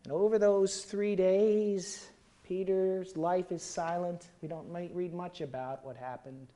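A preacher delivering a dramatic sermon, swinging between loud pleas and quiet asides. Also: medium pitch, steady tone, a little slow.

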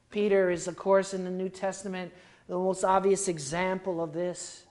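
Dramatic preacher swinging loud and soft. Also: medium pitch, little pitch movement, normal speed. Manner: dramatic, swinging between loud pleas and quiet asides. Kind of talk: sermon.

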